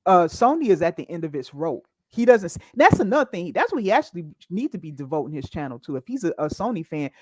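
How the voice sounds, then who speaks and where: A woman's voice: lowish voice, big pitch swings, fast, hardly any pauses, darkish tone, no room sound, clean studio sound. A woman co-hosting a casual opinion chat, talking emphatically and often adding okay. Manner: emphatic, frequent laughs and okays.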